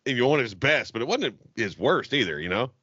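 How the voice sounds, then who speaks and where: A man's voice: mid-range voice, sing-song, brisk, pushed and bright, husky, dry recording, highs cut off. A man from Jacksonville co-hosting a casual podcast, ranting emphatically and swearing a lot. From Jacksonville, Florida. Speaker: podcast co-host. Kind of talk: casual profane podcast banter.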